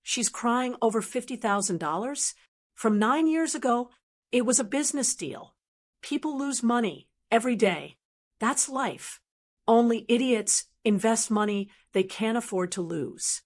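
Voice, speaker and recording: Woman reading as a smug old father-in-law, scoffing, dismissive, slightly high voice. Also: animated, unhurried.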